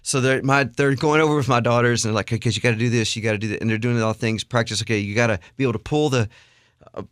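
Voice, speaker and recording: A middle-aged man, a guest songwriter and worship leader, telling an animated, self-deprecating story with frequent restarts. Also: mid-range voice, very fast, dry recording, studio quality.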